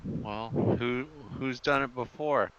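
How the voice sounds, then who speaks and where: A man playing a tabletop game, talking haltingly with many fillers. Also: medium pitch, fairly bright tone, lo-fi sound. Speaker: player.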